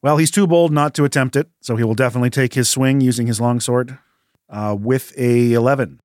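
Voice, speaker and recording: A man running a tabletop game as game master, narrating the battle in a measured, descriptive way. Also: medium pitch, darkish tone, no room sound, studio quality.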